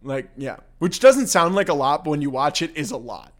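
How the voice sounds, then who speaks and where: A man co-hosting a casual movie recap podcast, laughing often and slipping into quick character impressions. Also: a little high, lively intonation. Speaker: podcast co-host.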